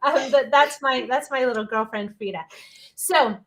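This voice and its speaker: A woman's voice: high voice, normal speed, a bit bright, a little hiss or hum. A woman hosting a live-streamed interview show, chatty and upbeat, cheering her listeners on. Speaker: podcast host.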